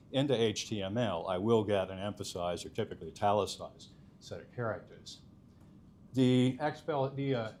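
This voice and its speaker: A man's voice: medium pitch, slight background noise. A man presenting a technical conference talk, explaining step by step with frequent filler sounds. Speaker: conference speaker.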